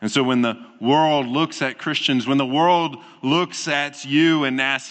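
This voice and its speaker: A man preaching as a pastor, calm and earnest, often easing into soft, slow endings. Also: medium pitch. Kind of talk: sermon. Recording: long hall reverb.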